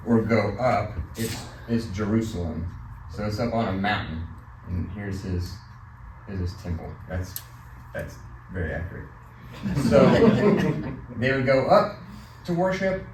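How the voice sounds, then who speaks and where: A man teaching a Bible study class in casual, conversational style, asking the group questions and telling light stories. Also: medium pitch. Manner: conversational, asks the class questions, tells a joking story. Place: church classroom. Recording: roomy, mic from a distance, faint noise.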